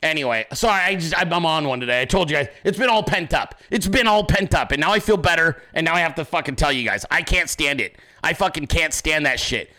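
A man's voice: on the high side, lively intonation, fairly quick, hardly any pauses, pushed and bright. A man hosting a political commentary show, ranting angrily and sarcastically with constant profanity.

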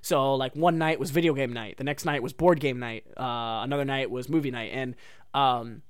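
A man's voice: mid-range voice, steady tone, moderate pace, clean tone, no room sound, studio quality. A young man hosting a podcast, telling a casual rambling story full of "like" and "dude.". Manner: rambling, heavy use of "like" and "dude". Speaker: podcast host.

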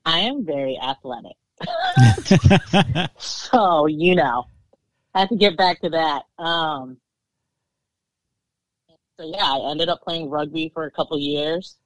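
A woman's voice: sits low, dry recording, rough recording. A woman with a Southern US accent chats as a podcast guest. She talks loosely, with plenty of "um" and "you know", and laughs often. The sound is close and dry, with no room around it. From Maryland. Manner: chatty, laughs often, lots of fillers. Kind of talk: casual interview chat.

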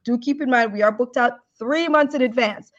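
Effusive high-voiced woman podcast host. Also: moderate pace, muffled recording. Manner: effusive, animated, repeats praise words. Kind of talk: enthusiastic podcast interview.

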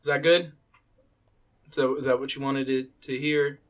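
A man's voice: mid-range voice, fairly even intonation, normal speed, close to an everyday voice. Awkward young student, hesitant and apologetic, played by a man. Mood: unsure. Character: awkward young male student auditioning, sincere.

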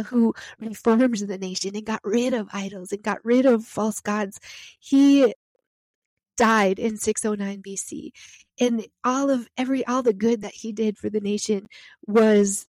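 A woman's voice: fairly high pitch, dark tone, no echo. A woman reading scripture aloud and explaining it in an earnest, emphatic teaching style. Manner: earnest, emphatic, piling up phrases. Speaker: Bible teacher. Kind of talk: Bible reading and devotional teaching.

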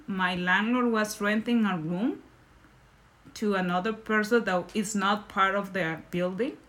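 A woman from Nicaragua, a podcast guest telling stories in lively, English and laughing often. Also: mid-range voice, a little slow. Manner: animated, laughing, non-native English phrasing. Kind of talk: casual storytelling in conversation.

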